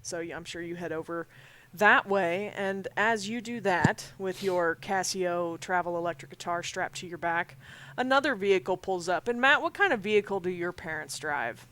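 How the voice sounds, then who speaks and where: A man's voice: sits high, animated, normal speed, bright, forceful tone. A man running a tabletop game as game master, narrating scenes in a rambling, chatty way and laughing often.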